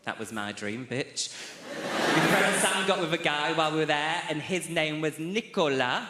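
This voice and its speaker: A man's voice: on the high side, lively intonation, moderate pace, very noisy. A man from England doing a chatty, camp stand-up routine that teases the audience on a large theatre stage. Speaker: stand-up comedian. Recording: echoey theatre.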